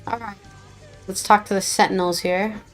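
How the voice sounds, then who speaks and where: A woman's voice: medium pitch, fairly even intonation, moderate pace. Playful woman streamer chatting over a game. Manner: playful, joking, laughs often. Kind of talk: casual gaming stream commentary. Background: faint game music.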